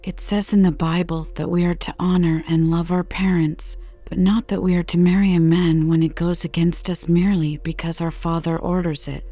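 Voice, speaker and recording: A woman's voice: lowish voice, flat delivery, moderate pace, hardly any pauses, mellow, no echo, close to an everyday voice. A woman reading the part of a proud, defiant young village woman, firm and pleading, on a slightly dull recording.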